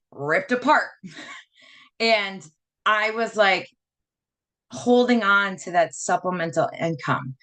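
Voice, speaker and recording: A woman's voice: on the low side, a bit bright. A woman in her thirties giving a personal testimonial as a network marketing presenter, rambling through her story with lots of "like" and "you know".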